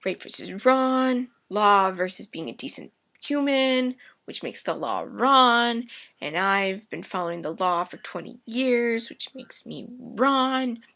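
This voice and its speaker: A woman's voice: medium pitch, big pitch swings, takes it slowly, sharp tone, exaggerated voice. A woman voicing an anguished stern male police inspector who rambles in agitated self-questioning. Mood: distraught.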